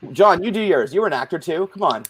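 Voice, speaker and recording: A man's voice: high voice, animated, a little fast, fairly bright tone, husky. A man hosting and moderating a live support group panel in a playful, rambling, jokey way.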